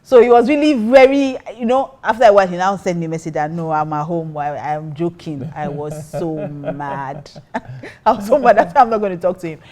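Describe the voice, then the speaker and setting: A middle-aged woman with a Nigerian accent, a pastor and co-host, telling a story in a lively way and acting out the quotes. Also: fairly low pitch, brisk. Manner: lively, acts out quotes, mixes in Pidgin. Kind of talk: casual storytelling chat.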